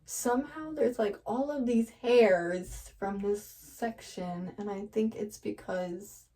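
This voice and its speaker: Woman vlogger, casual to-camera chat, slow unhurried talk, nervous and giggly, a little off-mic. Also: medium pitch, mellow, distant mic, low-quality recording. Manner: chatty, nervous, laughs often. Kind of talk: casual chat to camera while dyeing hair. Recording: voice a bit off-mic.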